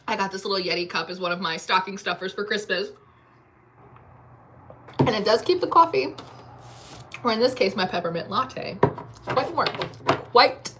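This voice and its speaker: A woman's voice: medium pitch, sharp tone, a little hiss or hum. A woman giving a casual tarot reading to camera at home, chatty and rambling with lots of filler words. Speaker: tarot reader.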